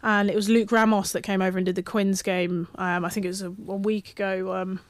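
A woman's voice: mid-range voice, flat delivery, fairly quick, no echo. Woman explaining rugby tactics, medium voice, dry close mic. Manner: thoughtful, explanatory, repeats words. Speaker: podcast co-host. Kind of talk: casual sports chat.

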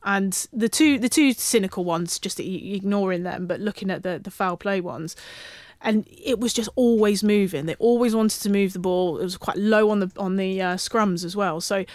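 A woman's voice: medium pitch, moderate pace, no room sound. A woman rugby referee talking casually on a podcast, retelling match incidents with lots of restarts. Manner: animated storytelling with many restarts.

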